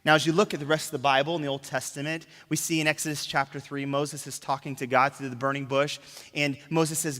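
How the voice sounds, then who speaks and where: A man pastor preaching a sermon, emphatic, dropping to a hush on key words and asking rhetorical questions. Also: fairly high pitch, level tone, fairly quick. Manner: asks the crowd rhetorical questions. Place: church sanctuary. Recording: long reverb of a church hall.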